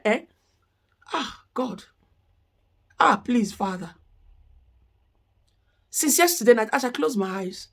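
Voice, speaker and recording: Woman vlogger, high voice, indignant rant full of rhetorical questions. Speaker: commentary vlogger. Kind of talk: impassioned commentary rant.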